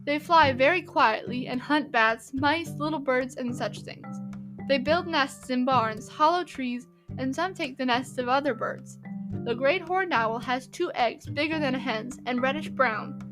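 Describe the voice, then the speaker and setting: A woman puts on a high-voiced, careful young boy who recites his school paper slowly and deliberately. Soft music plays under the storybook reading. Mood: earnest.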